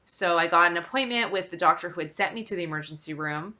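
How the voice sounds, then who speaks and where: A woman's voice: lowish voice, fast talker, sharp tone. A woman vlogger telling a personal story in a casual way, acting out bits of dialogue, with lots of fillers. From Saskatchewan, Canada. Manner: retells events with quoted dialogue, many fillers.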